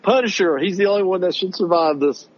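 A man co-hosting a podcast, ranting in casual chat about a show he disliked and mocking it in a high voice. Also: fairly quick, dull audio, over a noisy crowd. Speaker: podcast co-host reviewing shows.

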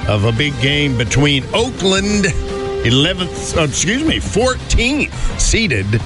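A man's voice: on the high side, sing-song, a little slow, music in the background. Chatty rambling morning radio host man. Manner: rambling, chatty, self-interrupting with fillers and chuckles. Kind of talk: casual radio chat.

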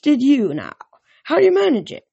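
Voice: sits high, huge pitch swings, normal speed, creaky, mellow, no room sound, muffled recording, voice pushed up, exaggerated voice. A reader doing smug, oily villain rancher. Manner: oily, condescending. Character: smug, cruel male rancher giant.

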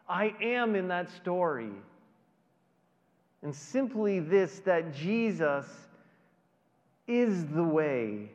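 Slow conversational male pastor preaching. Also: a little high, lively intonation. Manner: conversational, with dramatic pauses. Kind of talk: sermon. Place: large church hall. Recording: dull audio with long hall reverb.

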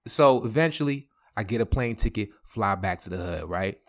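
A man's voice: on the low side, expressive, moderate pace. A young man hosting a podcast, telling a personal story in heavy slang, laughing often. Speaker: podcast host. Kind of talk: casual storytelling.

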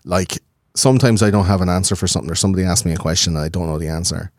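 A man in his thirties, a podcast guest, talking in a rambling, profane, animated way. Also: low-pitched, very fast, dry recording, studio quality. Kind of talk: casual conversation.

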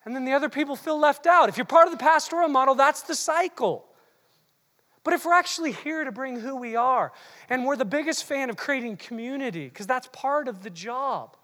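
Animated preacher in a reverberant hall. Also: high-pitched. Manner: animated, teasing, occasionally shouting. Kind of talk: sermon. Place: large hall with long reverb.

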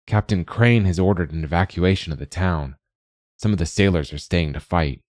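A man's voice: sits low, moderate pace, darkish tone, no echo, clean studio sound, natural voice. A man voicing a patient carpenter. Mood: earnest. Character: steady patient male carpenter.

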